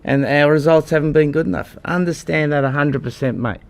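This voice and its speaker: A man's voice: a little high, a little fast, gravelly. A man in his sixties from Australia, a rugby head coach answering at a press conference in a blunt, combative way, calling people mate.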